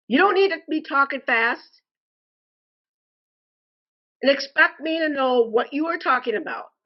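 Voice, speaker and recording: A frustrated woman delivering an indignant complaint monologue, speaking deliberately and calling her listeners "folks". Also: high voice, highs cut off. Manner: slow, deliberate and indignant, addresses viewers as "folks". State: frustrated and angry. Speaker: customer posting a complaint review.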